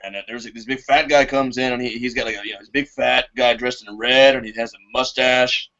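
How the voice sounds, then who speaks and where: A cocky, foul-mouthed young hedgehog hero, voiced by a man in a high, strained cartoon voice that rattles along at a fast clip. The sound is muffled, like a video call. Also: fairly even intonation, pushed and bright.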